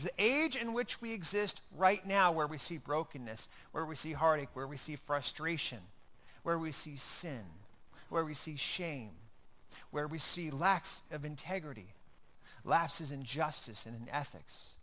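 A man's voice: a little high, animated, unhurried, bright, forceful tone. A man preaching a sermon in a conversational style, building emphasis through repeated phrases. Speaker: pastor.

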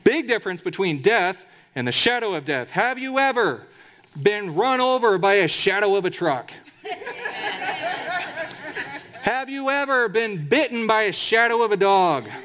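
Male pastor with a high voice, emphatic sermon delivery that slows to stress scripture. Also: sing-song, fairly bright tone. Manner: emphatic preaching with slowed, drawn-out scripture quotes.

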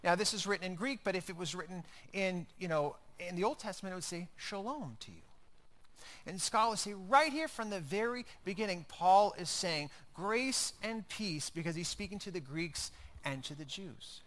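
A man's voice: sits high, moderate pace, fairly bright tone. A man preaching a sermon in a conversational style, building emphasis through repeated phrases. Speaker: pastor.

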